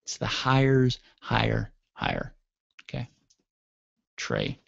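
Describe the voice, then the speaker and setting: A man's voice: mid-range voice, wildly swooping pitch, extremely slow, gravelly, a bit bright, dry recording. A man hosting a radio show, telling a comic story in a playful, mock-dramatic way, on a dull, dry recording.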